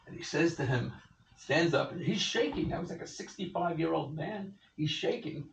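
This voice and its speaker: An older man in his sixties giving an animated storytelling speech to an audience at an event, acting out the people he quotes. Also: fairly high pitch, moderate pace, creaky, slight background noise. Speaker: event speaker. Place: event hall. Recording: echoey room, far from the mic, dull sound, faint ambience.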